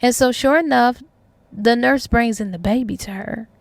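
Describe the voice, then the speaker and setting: A woman's voice: on the high side, moderate pace, creaky, no room sound. A young adult woman retelling a novel's plot in a casual, colloquial way as a book reviewer. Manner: chatty, colloquial, acts out characters' lines.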